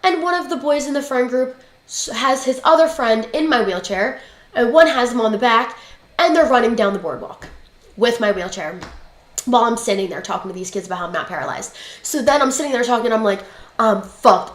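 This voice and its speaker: A woman's voice: a little high, fairly quick. A young woman telling a story in a casual, blunt, chatty way, swearing freely as she talks. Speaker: livestream guest. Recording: roomy echoey room.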